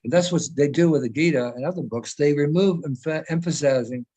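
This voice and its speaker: A man's voice: on the high side, brisk, warm tone, low-quality recording. A man in his eighties, from the United States, giving an emphatic, rambling talk over a video call. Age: 80s. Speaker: senior devotee speaker. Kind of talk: informal talk in a meeting.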